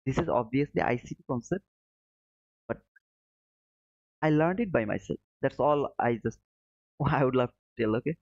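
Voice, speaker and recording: A man with a non-native English accent talks casually on a live stream, patiently repeating his points and calling out viewers in chat. His mid-pitched voice is recorded close and dry, with slightly dull, muffled audio. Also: creaky, darkish tone, dry recording. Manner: explains slowly, repeats points, answers chat by name. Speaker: livestream trading host.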